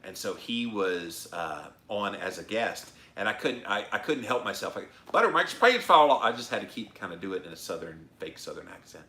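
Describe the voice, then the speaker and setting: A man's voice: low voice, moderate pace, few pauses, bright, forceful tone. A middle-aged man hosting a live-stream show, chatting casually and emphatically while he reads viewer comments aloud. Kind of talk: casual livestream chat reading comments. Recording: echoey room.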